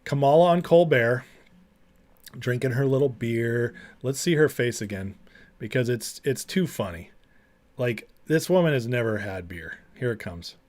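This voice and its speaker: A man's voice: mid-range voice, animated, measured pace, darkish tone. A man hosting a livestream, talking casually, reading chat and mocking clips with frequent laughter. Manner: chatty, laughs often, mocking. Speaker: livestream host.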